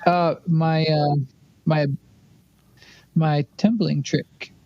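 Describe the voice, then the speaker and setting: Male player, fairly high voice, apologetic, dull lo-fi laptop mic. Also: level tone, drawn-out words, a little mellow, no room sound. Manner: apologetic and hesitant. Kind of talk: casual tabletop chat.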